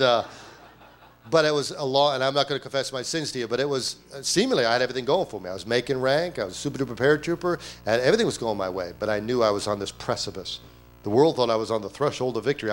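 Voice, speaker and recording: Animated male preacher mid-sermon. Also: mid-range voice, fast talker. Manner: animated preaching, acting out quoted voices; fires off rhetorical questions. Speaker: pastor. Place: church service.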